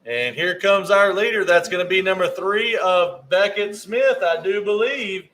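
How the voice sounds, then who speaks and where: A man's voice: high voice, unhurried, a bit bright, rough recording. A man giving live race commentary, often stumbling over rider names and correcting himself.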